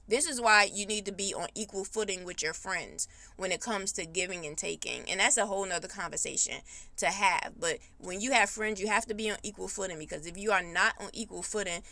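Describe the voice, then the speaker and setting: A woman's voice: mid-range voice, gravelly. Blunt, heated woman telling a story. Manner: blunt, animated, heated storytelling with drawn-out emphasis. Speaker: podcast host. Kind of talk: casual storytime monologue.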